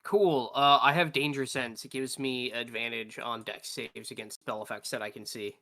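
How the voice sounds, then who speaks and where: Male player, bright tense voice, hesitant and chatty, dry sound. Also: mid-range voice, steady tone, normal speed, dry recording. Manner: chatty, hesitant, asks rules questions. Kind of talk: casual chat.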